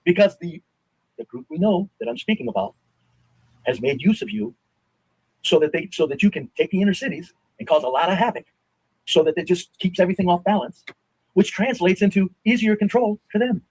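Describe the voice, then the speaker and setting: A middle-aged man in a heated stream debate, blunt and insistent, sometimes swearing and dropping to a low grumble. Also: lively intonation, fairly quick, a little mellow, slightly rough, no echo, low-quality recording.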